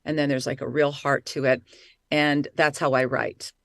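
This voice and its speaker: A middle-aged woman, an actress and voice-over artist, chatting excitedly in an interview. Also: very deep voice, normal speed, gravelly, no room sound, clean studio sound. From Italy. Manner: lively, talkative, excitable. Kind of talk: casual interview chat.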